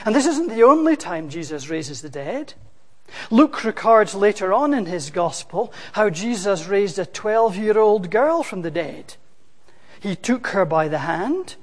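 A preacher delivers a sermon at an unhurried pace, pressing hard on key words and rising to loud, dramatic quotations. The voice carries a long, lingering hall reverb. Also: mid-range voice, very animated.

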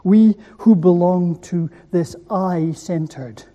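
Slow, dark-voiced preacher in an echoey hall. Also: medium pitch. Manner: asks the listeners rhetorical questions; gives words weight by repeating them. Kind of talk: sermon.

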